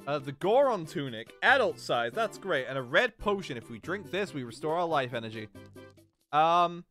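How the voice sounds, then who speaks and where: A man's voice: a little high, very animated, moderate pace, sharp tone, soft background music. A man streaming a video game, joking casually and stammering over his words.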